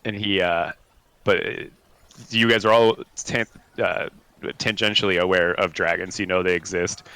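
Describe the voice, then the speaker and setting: A man with a low, deep voice and a bright, forceful edge narrates a tabletop game as its dungeon master. He is laid-back and chuckles often, with plenty of fillers. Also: level tone, normal speed, smooth, no room sound.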